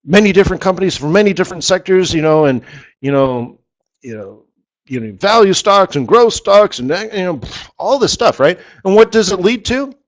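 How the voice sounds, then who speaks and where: Rambling, fairly high-voiced male market strategist. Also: animated, moderate pace, dull audio. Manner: rambling, repeats words for emphasis. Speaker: forex market strategist hosting a live session. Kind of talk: live trading webinar talk.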